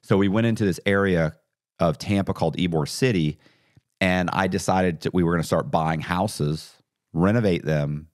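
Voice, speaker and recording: Middle-aged male guest, very low voice, dry close sound, animated storyteller. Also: moderate pace, no echo. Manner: animated, acts out quoted dialogue. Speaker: podcast guest. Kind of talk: casual storytelling interview.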